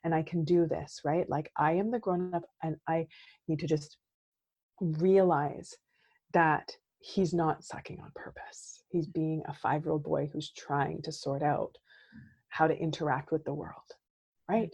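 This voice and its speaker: Warm-toned woman, animated, "right?"-heavy. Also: low-pitched, measured pace, slightly rough. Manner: animated, says "right?" often, acts out quoted outbursts. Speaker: therapist and coach guest. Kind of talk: casual podcast conversation.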